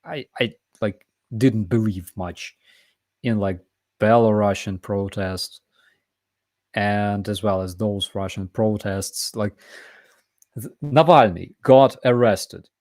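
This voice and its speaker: A man's voice: fairly low pitch, slow pace, darkish tone, no echo. A man from Ukraine with a Ukrainian accent, hosting a live Q&A chat in an emphatic, conversational way. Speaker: host.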